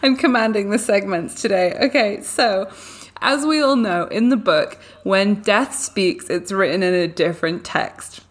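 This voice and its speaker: A woman co-hosting a casual book club podcast. She talks enthusiastically and loosely, full of "like" and "um", at an everyday middle pitch. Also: unhurried, hardly any pauses. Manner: chatty, enthusiastic, many filler words. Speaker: podcast co-host.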